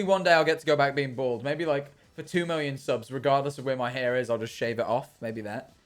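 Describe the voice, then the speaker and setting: A young British man chatting casually on a live stream while gaming, rambling and ranting with self-deprecating humour. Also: medium pitch. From Britain. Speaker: livestreamer.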